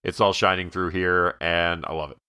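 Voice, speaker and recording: A man's voice: sits low, little pitch movement, moderate pace, sharp tone, smooth, no room sound, clean studio sound. A man co-hosting a movie podcast, casually and enthusiastically retelling a favorite scene and laughing along. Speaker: podcast co-host. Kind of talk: casual movie review chat.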